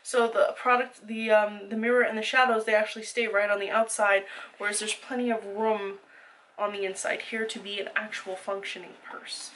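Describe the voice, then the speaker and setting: Bright-voiced woman chatting makeup from the mic. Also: medium pitch, flat delivery, moderate pace, recorded from a distance, a little hiss or hum, poor audio. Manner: chatty, detailed product descriptions with fillers. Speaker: beauty vlogger. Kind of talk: casual makeup haul review.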